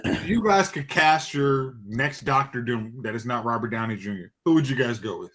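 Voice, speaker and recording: A man's voice: mid-range voice, normal speed, fairly bright tone. A man in casual chat about films, asking questions and laughing often. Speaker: co-host.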